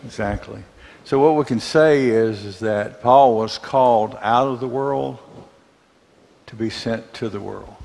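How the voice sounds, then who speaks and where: Gravelly Southern man teaching a Bible class. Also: mid-range voice, a little mellow, in a large hall, a little hiss or hum. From Mississippi. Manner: conversational, asks the class questions, halting with fillers. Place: church classroom.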